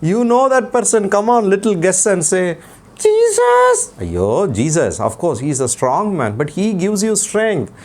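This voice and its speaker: A man's voice: high voice, animated, moderate pace, hardly any pauses, darkish tone. A man teaching children in a Bible school puppet skit, patient and teasing toward his puppet.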